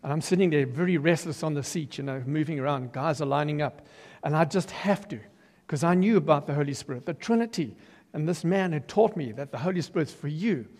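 An older man giving a testimony sermon as an animated storyteller who acts out quotes and breaks into loud emphasis. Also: fairly high pitch, brisk, few pauses. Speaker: preacher giving his testimony. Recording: long reverb of a large hall.

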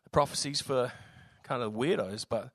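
A man with an Australian accent and a slightly raspy voice, preaching a sermon in a relaxed, jokey way with lots of fillers. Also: medium pitch, moderate pace, dry recording. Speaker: visiting preacher.

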